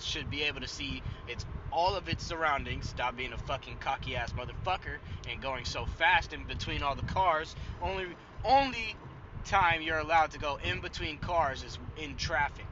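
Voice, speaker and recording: A man's voice: a little high, normal speed. A young man co-hosting a casual podcast, rambling and cursing and laughing as he talks from inside a car. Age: young adult. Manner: profane, rambling, laughs a lot. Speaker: podcast co-host. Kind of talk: casual chat. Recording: dull lo-fi sound with road noise.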